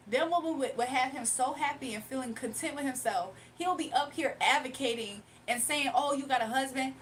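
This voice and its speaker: Woman, faint foreign accent, livestream host, sassy, answers chat, higher voice, soft hiss behind. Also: rough recording. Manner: sassy, talks back to chat.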